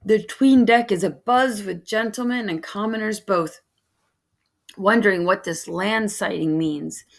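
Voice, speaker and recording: A woman reading a children's novel aloud in steady first-person narration. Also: mid-range voice, measured pace, gravelly. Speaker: reader of a novel.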